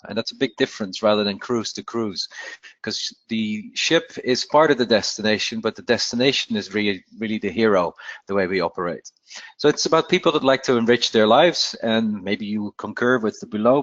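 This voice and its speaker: Low-voiced man giving a slide talk. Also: a bit bright, no room sound. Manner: conversational, with frequent fillers. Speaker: cruise line presenter. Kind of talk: slide presentation to an audience. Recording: dry, dull lo-fi sound.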